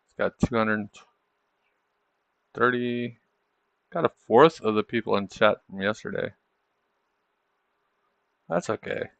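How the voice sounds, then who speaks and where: Gravelly low-voiced man. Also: lively intonation, slow pace, long pauses, a bit bright, no room sound, highs cut off. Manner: rhetorical tag questions; loose, chatty, thinking aloud. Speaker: trading livestream host. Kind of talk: casual livestream chart commentary.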